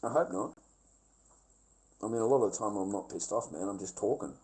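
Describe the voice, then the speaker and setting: A man's voice: on the low side, a little fast, darkish tone, rough recording. Male livestreamer, foul-mouthed and rambling, casual rant. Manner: profane, rambling and blunt.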